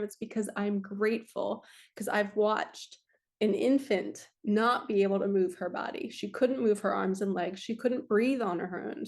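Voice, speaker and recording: A woman's voice: medium pitch, darkish tone. A woman, earnestly giving a casual spiritual card reading. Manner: earnest, emotional, spiritual-coaching talk. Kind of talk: casual tarot-style energy reading.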